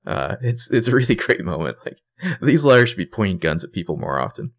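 A man's voice: lowish voice, sing-song, a little fast. A man co-hosting a podcast, animatedly retelling scenes and acting out the quotes in casual chat. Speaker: podcast co-host.

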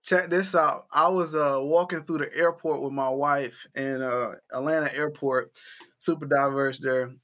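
A man's voice: medium pitch, unhurried. A man co-hosting a casual chat, telling stories and acting out the quotes with animation. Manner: animated storyteller, acts out quotes. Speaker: podcast co-host.

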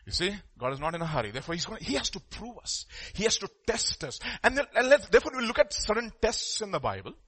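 Animated male preacher. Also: high-pitched, quick pace, few pauses, breathy edge. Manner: animated, acts out quoted voices, repeats words. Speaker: pastor. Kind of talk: sermon.

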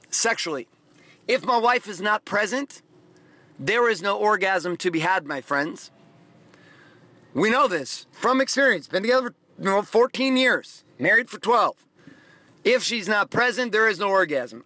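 A man's voice: high-pitched, lively intonation, measured pace, bright, forceful tone, no room sound. A middle-aged man hosting a podcast, telling profane, rambling stories in a casual motivational monologue. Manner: profane, rambling, emphatic storytelling. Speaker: podcast host.

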